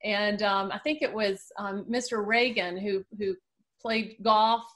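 A woman's voice: mid-range voice, fairly even intonation, unhurried, a bit bright. A woman, interviewing a guest in a polite, respectful way. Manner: polite and deferential, says sir. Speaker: interviewer, host.

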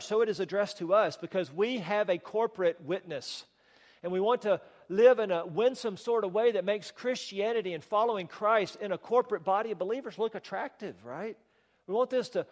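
A man preaching a sermon as pastor, emphatic and rhetorical, with touches of wry humor. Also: high-pitched. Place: church sanctuary. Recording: long reverb of a church hall.

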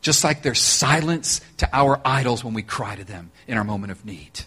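A pastor with a mid-range, slightly rough voice preaches a sermon at normal speed. He tells a story with animated energy, tossing in joking asides and appealing directly to his listeners.

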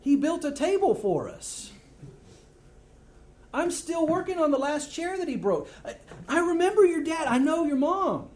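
A man's voice: very animated, measured pace, a little mellow, heavily acted. A man voicing an indignant, mocking male Pharisee who scoffs in disbelief, as a preacher acts out a scene in a sermon. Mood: scoffing. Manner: incredulous, shrill and mocking.

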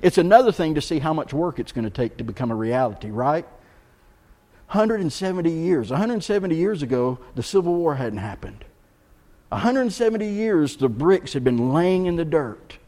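Guy preaching a sermon, kinda high voice, storytelling, gets loud then real quiet. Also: big pitch swings, moderate pace. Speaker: pastor.

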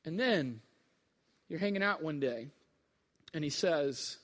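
High-voiced preacher in a reverberant hall. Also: male voice, lively intonation, takes it slowly, long pauses, fairly bright tone. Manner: conversational storytelling, speaks to listeners as "you". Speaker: pastor. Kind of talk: sermon.

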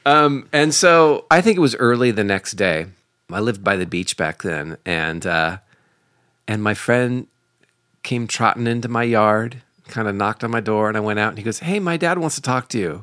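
A man's voice: on the low side, moderate pace, clear, resonant tone, no room sound, studio quality. A man co-hosting a podcast, telling a funny story in casual chat with lots of laughter and acted-out voices. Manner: animated, laughing storyteller acting out quoted voices. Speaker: podcast co-host.

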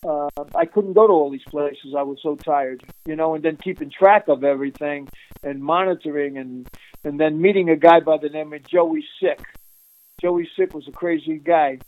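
An animated man tells a streetwise story in a casual interview, laughing often and restarting his sentences. His voice sits fairly high for a man, and the sound is dry and close. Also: moderate pace, no room sound, poor audio. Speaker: interviewee recounting undercover work.

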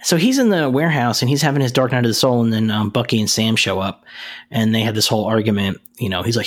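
A man's voice: fairly low pitch, fairly quick. Rambling man recapping a show. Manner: rambling, many fillers and restarts. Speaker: podcast co-host. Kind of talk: casual podcast discussion.

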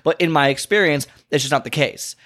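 A man who works as a fitness and health coach, talking casually to camera about why people miss their goals. He tells stories animatedly, keeps checking in with "okay?" and "you know", and jumps up in pitch when he acts out conversations. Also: brisk. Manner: animated storyteller, acts out clients and himself with big pitch jumps. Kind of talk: casual talking-head advice.

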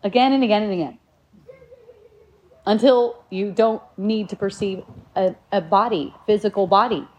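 A woman's voice: mid-range voice, normal speed, long pauses, a little mellow, highs cut off. A woman in a casual spiritual talk, speaking in a rambling, reflective way with many restarts.

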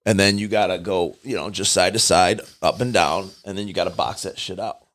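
A man, a dealership owner guesting on a podcast, telling stories in a profane, animated way with emphatic swings. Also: deep voice, fairly quick, no room sound, studio quality. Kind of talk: casual podcast chat.

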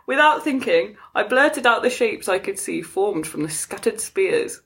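A woman's voice: medium pitch, very animated, a little slow. A woman co-hosting a chat show, reading an article aloud and often breaking into laughter. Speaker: podcast co-host.

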